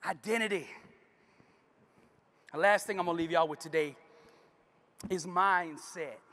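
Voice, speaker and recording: In a large conference hall, a man delivers a motivational keynote like a preacher, emphatic and calling out to the crowd for responses. His voice is high-pitched, a little slow, bright, and forceful, carried by the hall's long reverb.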